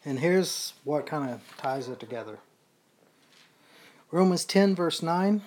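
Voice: medium pitch, expressive, takes it slowly, a little mellow, a little hiss or hum. A person leading a casual Bible study, explaining scripture earnestly with frequent repeats and restarts. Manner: earnest, repetitive, self-correcting.

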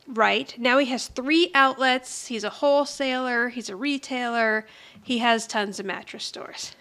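A woman co-hosting a casual podcast, retelling a TV episode with lively storytelling and acting out the characters' lines. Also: on the high side, unhurried. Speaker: podcast co-host recapping a TV episode. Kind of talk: casual chat.

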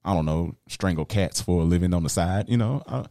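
Man, podcast co-host, low mellow voice, laid-back slangy chat, home workshop. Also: a little fast, dry recording. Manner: laid-back slangy talk with frequent "you know".

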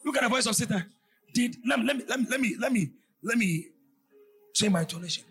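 A male preacher delivers a fervent sermon, shouting often and lilting into a sing-song rhythm. His voice sits high and sounds bright and forceful. Faint music plays under him. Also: lively intonation, quick pace.

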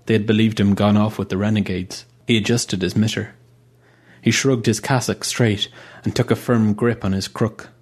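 A man narrates a science-fiction story in a steady, even manner. His voice sits somewhat low. It is a calm, scripted audiobook reading. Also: moderate pace, slightly rough.

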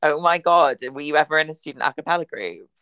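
A young man with a husky voice hosts a podcast over a video call. He teases his guest in a camp, playful manner, and the sound is close and dry. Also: fairly high pitch, animated, fast, pushed and bright, no echo, rough recording. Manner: camp, teasing banter. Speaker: podcast host. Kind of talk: casual chat.

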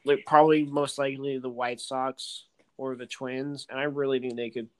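A man chats about baseball in a loose, rambling way, full of fillers, and gets easily excited. His voice sits at an ordinary middle pitch. He sounds unscripted and relaxed in a casual talk. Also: normal speed, slight background noise. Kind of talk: casual sports chat while playing a video game.

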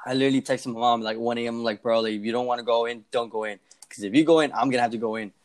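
Young male podcast co-host, rapid casual storyteller, profane, mimics others. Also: medium pitch, fairly even intonation. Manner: fast, profane, acts out quoted voices.

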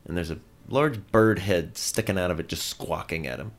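A man narrating a tabletop role-playing game as game master, describing scenes in a relaxed storytelling way. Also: low-pitched, moderate pace.

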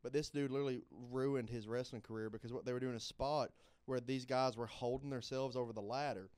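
A man's voice: medium pitch, a little fast, no echo. A man co-hosting a podcast, chatting animatedly and telling stories. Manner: animated, storytelling, swears casually. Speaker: podcast co-host. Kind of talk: casual chat.

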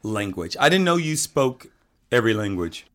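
A man co-hosting a comedy chat show, telling absurd jokes in a deadpan way. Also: fairly low pitch, normal speed. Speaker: podcast co-host.

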